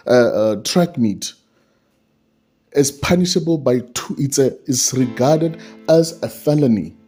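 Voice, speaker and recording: A man's voice: fairly high pitch, mellow. A man giving a solo commentary on a court case, repeating his points and asking rhetorical questions.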